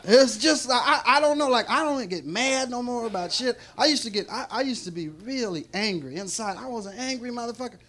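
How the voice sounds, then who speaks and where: High-voiced profane stand-up comedian. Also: male voice, lively intonation, fairly quick, few pauses, fairly bright tone. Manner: rambling, profane, laughing often, many restarts. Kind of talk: stand-up set. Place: club stage before a live audience. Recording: live club recording with crowd noise. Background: audience noise.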